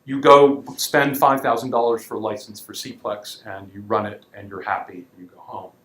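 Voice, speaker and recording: A man's voice: lowish voice, flat delivery, normal speed, fairly bright tone. A man giving a university lecture in a casual, wry way, with frequent ums and words he leans on. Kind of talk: classroom lecture. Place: lecture hall. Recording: echoey lecture hall, voice from a distance.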